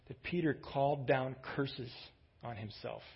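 Partway through a sermon, a male pastor tells a story in a relaxed, conversational manner, raising his voice to underline key moments. He speaks a little slowly in a husky, mid-range voice, and the recording has a dull, lo-fi quality.

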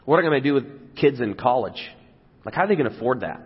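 Here the pastor's mid-range voice is animated and quick with a breathy edge as he preaches conversationally, occasionally voicing the crowd. The audio is dull and carries a long hall reverb.

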